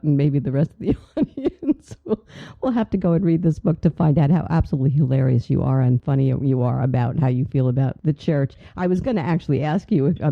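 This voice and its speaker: A woman's voice: low-pitched, no room sound, lo-fi sound. A woman radio host asking enthusiastic interview questions.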